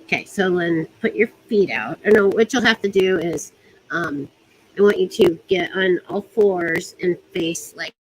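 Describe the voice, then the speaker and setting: Lowish-voiced woman teaching rope ties, giggly and rambly, loses her train of thought a lot. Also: a little slow, a little hiss or hum, poor audio. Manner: chatty, giggly, trails off mid-sentence. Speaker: rope bondage instructor. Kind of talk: casual hands-on demonstration.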